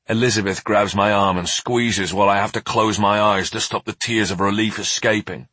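A man's voice: fairly low pitch, fairly even intonation, moderate pace, few pauses, bright, forceful tone, no echo. A man narrating a story in the first person, tense and earnest. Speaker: audiobook narrator.

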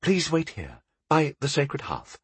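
A man's voice: a little high, wildly swooping pitch, unhurried, husky, no room sound, voice pushed up, full character voice. A man reading an audiobook voices a young female temple novice who speaks politely and hesitantly. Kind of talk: audiobook character voice.

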